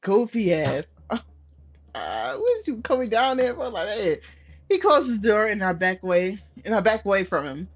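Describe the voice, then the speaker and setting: Reading through a story game at normal speed, this female gaming streamer has a mid-range voice and keeps bursting into loud, outraged cursing. Her energy is animated throughout. Soft game music plays behind a slightly muffled recording.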